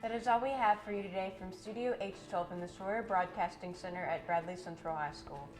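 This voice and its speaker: A teenage girl reading a scripted newscast as a student anchor in a school broadcast studio, steady with small slips. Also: on the low side, brisk, soft background music, poor audio. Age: teens.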